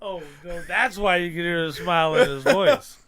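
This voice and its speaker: A man's voice: high voice, moderate pace, crowd noise. A man co-hosting a casual podcast who reacts, laughs and mock-scolds his partner. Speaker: podcast co-host.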